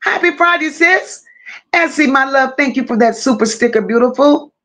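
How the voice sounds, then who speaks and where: A woman hosting a casual livestream, greeting her chat one by one with drawling, affectionate shout-outs. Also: high-pitched, normal speed. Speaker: livestream host.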